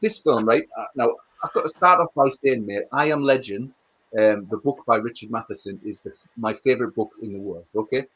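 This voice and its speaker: A man co-hosting a casual livestream chat, animated and swearing as he rants about films. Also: mid-range voice, brisk, husky. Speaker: co-host.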